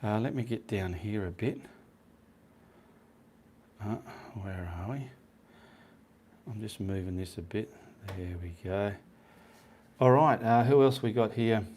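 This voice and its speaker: A man's voice: fairly low pitch, takes it slowly, long pauses, darkish tone, a little hiss or hum. Easygoing Australian man hosting a live stream. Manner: rambling, easygoing, says okay often. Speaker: host of a live painting stream. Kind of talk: casual live-stream chat reading comments.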